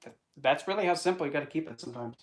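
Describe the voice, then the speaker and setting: Talking rapid-fire at medium pitch, a spiritual vlogger rambles cheerfully to camera, often adopting put-on voices and tossing in puns and asides. There's slight background noise.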